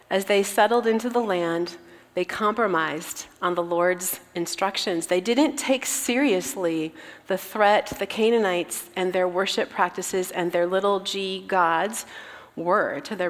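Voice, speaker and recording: A woman teaches scripture with earnest, reflective warmth. Her voice sits in a middle range and carries a long reverb, as in a large hall. She moves between reading passages aloud and explaining them. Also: medium pitch. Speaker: Bible teacher. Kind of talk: sermon.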